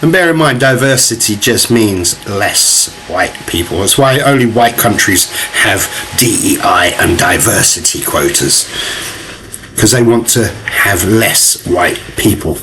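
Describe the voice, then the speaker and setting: A man's voice: on the low side, expressive, a little slow, background noise. A man giving ranting, profane commentary as he reacts to video clips, with mocking laughs.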